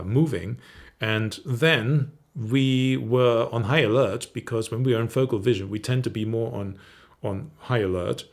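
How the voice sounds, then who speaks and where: A middle-aged man, a confidence coach, teaching straight to camera in a calm, measured way. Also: medium pitch, gravelly. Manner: calm, measured, demonstrates intonation.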